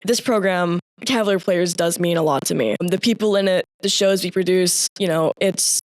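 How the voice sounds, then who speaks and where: A woman's voice: lowish voice, moderate pace, dry recording. Chatty teen girl, dry sound. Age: teens. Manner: chatty, giggly, lots of fillers. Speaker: high school theater student guest. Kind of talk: casual interview chat.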